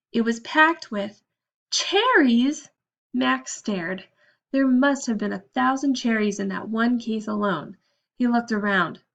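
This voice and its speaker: A woman reading a children's storybook aloud with steady, expressive narration. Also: on the high side, muffled recording. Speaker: audiobook narrator.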